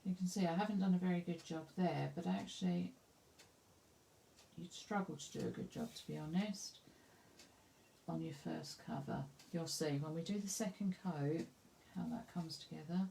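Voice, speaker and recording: A woman's voice: fairly low pitch, normal speed, vocal fry, dark tone, a little hiss or hum. A woman with an Essex accent teaching a live painting demonstration, chatting and thinking aloud as she works. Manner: chatty, self-deprecating, thinks aloud while working. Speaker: craft tutor.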